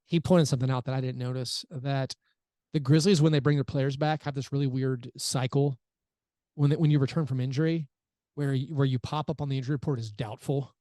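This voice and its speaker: A man's voice: mid-range voice, steady tone, fairly quick, mellow, dry recording. A man co-hosting a sports podcast in casual chat, talking loosely and restarting his sentences. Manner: chatty, restarts mid-sentence. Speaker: podcast co-host.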